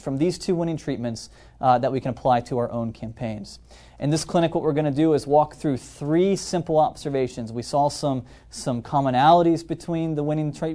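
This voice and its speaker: Energetic man hosting a webinar. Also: fairly high pitch. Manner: energetic, addresses audience directly, frequent "okay?" check-ins. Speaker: webinar host. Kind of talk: live marketing webinar presentation.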